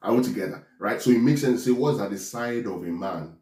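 A man preaches a teaching sermon in a mellow, warm voice. He is emphatic, repeats phrases for stress and keeps checking in with his listeners. His voice carries through an echoey room. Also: fairly low pitch, lively intonation, a little fast.

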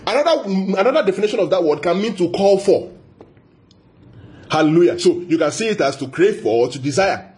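A man preaches a Bible teaching sermon with emphasis, repeating key phrases, posing rhetorical questions, and slowing down to stress scripture quotes. His voice sits high, with lively intonation and a slightly mellow quality.

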